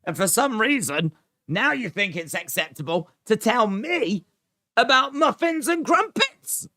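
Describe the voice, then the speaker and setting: A man's voice: high-pitched, sing-song, unhurried, bright, forceful tone, no room sound, studio quality. An English man hosting a live stream, casually reading viewer comments with playful, mock-indignant banter. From England. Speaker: live stream host reacting to wrestling.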